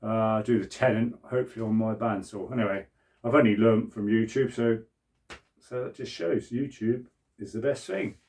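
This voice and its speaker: 60s british bloke nattering in his shed, mellow low-key voice. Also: normal speed. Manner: chatty, rambling, self-talk while working. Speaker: woodworking vlogger. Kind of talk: casual workshop chat to camera. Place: small cluttered shed. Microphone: camera on a mount.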